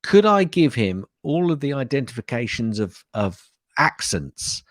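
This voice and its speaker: A man co-hosting a podcast chats loosely and casually at an unhurried pace in a mid-range voice. His pitch rises and falls lively, and he repeats words often as he rambles. The recording is dry and close, with no room sound.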